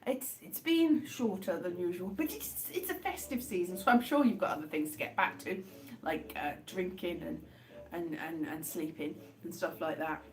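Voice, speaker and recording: A woman chatting casually on a live stream as she eats chocolates, rambling with wry, deadpan jokes. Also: fairly low pitch, normal speed. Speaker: livestream host. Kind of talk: casual live chat while eating chocolates.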